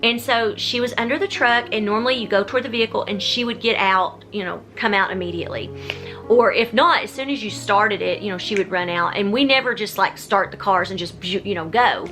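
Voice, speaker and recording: A chatty woman with a drawl records a casual home vlog. Her voice is clear and bright, and she rambles from thought to thought, breaking off and restarting her sentences. Soft music plays quietly behind her. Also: medium pitch, brisk. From Texas. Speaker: vlogger.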